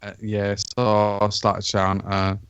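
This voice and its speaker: A man's voice: fairly low pitch, completely flat delivery, moderate pace, fairly bright tone, clean tone, no echo, lo-fi sound. A man and podcast co-host telling a laid-back, sweary anecdote in casual chat.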